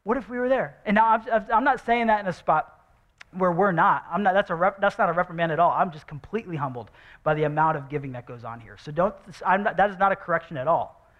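A male pastor preaching a sermon in a church, animated and jokey, repeating rhetorical questions to the congregation. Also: high voice, fast, muffled recording. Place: church sanctuary.

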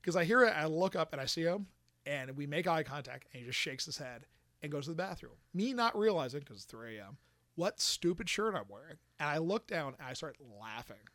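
A man casually telling a story on a podcast, animated and swearing, acting out quotes. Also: on the high side, brisk, no room sound.

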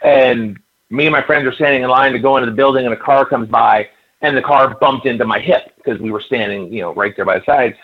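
A man's voice: mid-range voice, brisk, breathy edge. A man in his fifties, a podcast guest, telling rambling stories with stammers in casual interview chat. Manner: rambling anecdotal storytelling, stammers. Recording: dull lo-fi audio.

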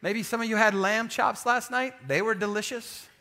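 Bright-voiced animated male preacher. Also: sits high, moderate pace. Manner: animated, call-and-response preaching with humor. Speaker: pastor. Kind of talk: sermon.

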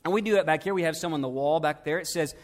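A male pastor with a high-pitched voice delivers a sermon to his congregation. He talks to them directly with questions. His delivery rises to loud emphatic peaks, then sinks to a hushed, intimate near-whisper. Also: very fast.

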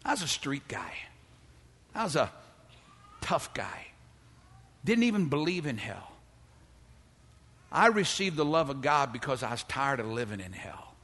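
An older man preaching a dramatic sermon in church, dropping to hushed tones and building to loud calls for praise. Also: mid-range voice, big pitch swings, unhurried, pauses often, big-room sound, slight background noise. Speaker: pastor.

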